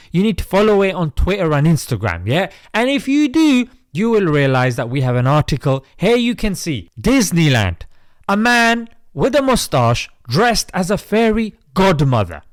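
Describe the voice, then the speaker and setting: Animated British man lecturing viewers. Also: sits high, moderate pace, no echo, studio quality. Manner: preachy, addresses viewers as mate. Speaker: host. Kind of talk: opinion commentary vlog.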